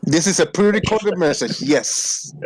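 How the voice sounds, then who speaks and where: A man hosting a casual livestream, rambling playfully and reading out shout-outs to viewers. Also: on the high side, lively intonation, unhurried, breathy edge, dry recording. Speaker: livestream host. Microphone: desk microphone.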